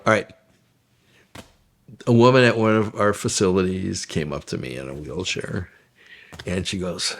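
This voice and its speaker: Man, low voice, troupe performer, interview, anecdotal, halting with fillers. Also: lively intonation, creaky, slightly rough. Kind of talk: interview storytelling.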